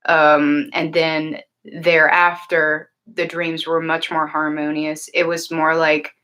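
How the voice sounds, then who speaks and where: Woman with a lowish voice, hosting a home livestream; casual and earnest, loose rambling delivery. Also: completely flat delivery, slow pace, fairly bright tone. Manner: earnest, rambling, many fillers and restarts. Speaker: livestream host and tarot reader. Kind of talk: casual livestream chat answering viewers.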